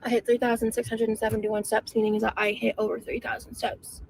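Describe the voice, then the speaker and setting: A woman's voice: on the high side, little pitch movement, fast talker, creaky, darkish tone, breathy edge, poor audio. A woman vlogger in a played clip, talking in an emotional, self-pitying way about how hard things feel. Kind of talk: personal weight-loss vlog.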